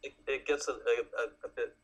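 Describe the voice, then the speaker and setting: A man hosting an interview in a relaxed way, mostly answering with short agreements and asking plain questions. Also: medium pitch, fairly quick, poor audio. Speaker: interview host. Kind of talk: casual interview talk.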